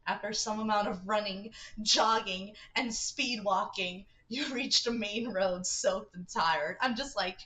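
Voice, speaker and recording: A woman's voice: mid-range voice, unhurried, few pauses, pushed and bright, low-quality recording. A young woman livestreaming a dating game, reading its text aloud with giggly, chatty asides. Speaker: streamer.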